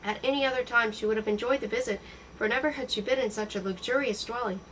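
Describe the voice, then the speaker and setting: A woman reading a novel aloud in a steady, expressive storytelling voice. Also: on the high side, quick pace, far from the mic, a little hiss or hum, low-quality recording. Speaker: audiobook reader.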